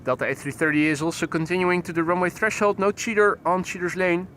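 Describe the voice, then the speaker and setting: A man hosting an outdoor plane-spotting stream by the runway reads flight details quickly, his high voice fairly even in intonation and fairly bright. There's a little hiss or hum, and his commentary is sprinkled with joking asides.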